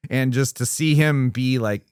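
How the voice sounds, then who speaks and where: A man's voice: medium pitch, a little slow, a little mellow, clean tone, dry recording, studio quality. A man co-hosting a casual movie review chat, enthusiastic and rambling, with lots of fillers and restarts. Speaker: podcast co-host.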